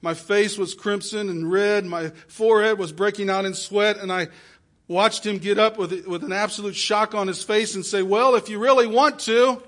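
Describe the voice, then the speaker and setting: A man with a high voice preaches through an emotional story told in the first person. His delivery swings between soft, pleading passages and loud exclamations. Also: fairly even intonation, normal speed. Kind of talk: sermon storytelling.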